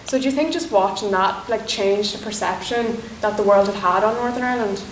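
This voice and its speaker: A woman's voice: medium pitch, brisk. A woman interviewing a guest on stage, asking questions with hesitant fillers. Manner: brief encouraging replies, questions with fillers. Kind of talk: conducting a live interview. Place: lecture room in a university building. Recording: roomy lecture hall with faint hiss.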